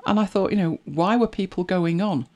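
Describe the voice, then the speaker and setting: In a casual chat, a middle-aged host with an English accent reflects easily, laughing frequently and wandering into side remarks. The voice is mid-range with a darkish tone at normal speed.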